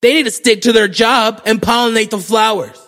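A man's voice: sits high, a little fast, in a large hall, soft background music. A young man from Florida, telling a comic story as a podcast host, swearing freely and mocking himself. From Florida, USA. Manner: profane, animated, self-mocking. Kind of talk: comedic storytelling monologue.

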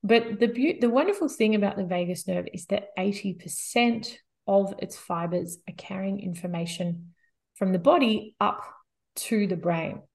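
A woman guest expert in an interview, explaining calmly and steadily with frequent "you know" fillers. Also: medium pitch, normal speed, vocal fry.

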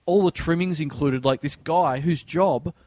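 An Australian man with a slightly higher-than-usual voice spins a rambling comic travel story, recorded close and dry. He is a comedian hosting a podcast, loose and chatty, breaking into quick impressions of the people he met. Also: darkish tone, dry recording. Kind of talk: casual podcast chat.

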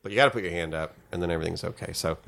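A man's voice: deep voice, racing, vocal fry, a bit bright. A man hosting a comedy podcast who chats casually, jokes, and steers the talk. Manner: loose and joking, leads the segment. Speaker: podcast host.

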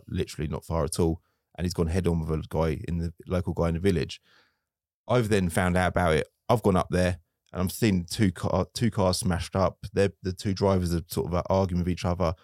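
A man's voice: low voice, a little mellow, no echo, studio quality. A man, a car dealer guest telling stories in casual interview chat, acting out his own quotes. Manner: chatty storytelling, acts out his own quotes.

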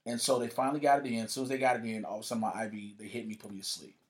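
A guest with a fairly low voice rattles off a story rapid-fire in a casual exchange. He swears liberally, stays animated, and mimics the voices of those he quotes.

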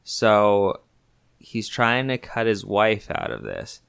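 A man's voice: on the low side, sing-song, slow pace, gravelly, a bit bright, smooth, no room sound. A man, co-hosting a podcast in casual chat, joking around and stumbling over restarts. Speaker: podcast co-host.

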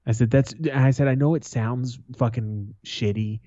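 A man's voice: medium pitch, fairly even intonation, normal speed, dark tone, no room sound. A man in his thirties co-hosting a podcast, telling profane stories in casual banter and laughing often. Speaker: podcast co-host. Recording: dull lo-fi, dry.

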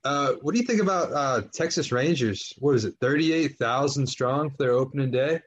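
A man hosting a podcast, laid-back and slow-talking, who swears casually. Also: mid-range voice, muffled recording. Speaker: podcast host. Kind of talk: casual crude chat.

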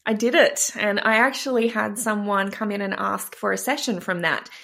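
Forceful tough-love woman business coach. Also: medium pitch, fairly even intonation, moderate pace, vocal fry. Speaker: business coach, podcast co-host. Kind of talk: casual podcast rant.

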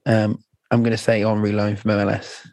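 A man's voice: on the low side, completely flat delivery, brisk, darkish tone, no echo. A man co-hosting a podcast, chatting casually about football and reading listener questions, hesitant with fillers. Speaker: podcast co-host.

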